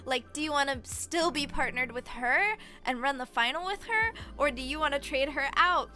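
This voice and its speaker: A woman streamer in casual chat, excitably rambling through a story with lots of "like". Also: sits high, normal speed, faint music behind. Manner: excitable rambling retelling, heavy use of "like".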